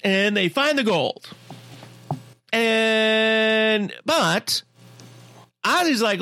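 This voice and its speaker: A lively podcast co-host chatting through a movie recap, voice swinging widely in pitch as they act out scenes. The tone is bright and forward, and the sound is close and dry with no room around it. They swear freely. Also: slow pace, pauses often, no room sound. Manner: animated, swears freely, acts out characters. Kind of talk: casual movie recap chat.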